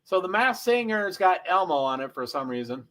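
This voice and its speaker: A man hosting a casual livestream, rambling through race positions with frequent throat clearing and self-interruptions. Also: high-pitched, sing-song, moderate pace, pushed and bright. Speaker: livestream host. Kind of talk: casual live race commentary.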